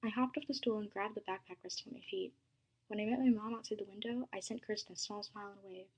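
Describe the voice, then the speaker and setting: A woman reads a first-person story aloud, soft and dramatic, with some passages sinking to a hush. Her voice is breathy and airy, at a middle pitch. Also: fairly even intonation, fast, low-quality recording.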